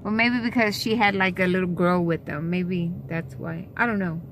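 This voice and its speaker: Chatting casually in a car and then a store, a young woman vlogger rambles through frustrated gripes packed with fillers. She speaks at normal speed in a fairly low, somewhat bright voice with fairly even intonation, and a little hiss or hum is present.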